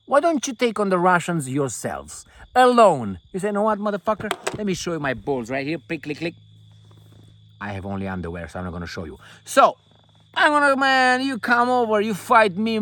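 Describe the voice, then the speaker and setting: A man's voice: sits high, bright, forceful tone, dry recording. An older man vlogging from inside a tent, giving rambling political commentary in a profane, mocking, jokey way.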